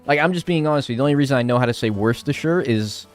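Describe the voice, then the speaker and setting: A man's voice: medium pitch, very fast, faint music behind. A young man live-streaming a game, chatting casually and sarcastically with chat and swearing now and then.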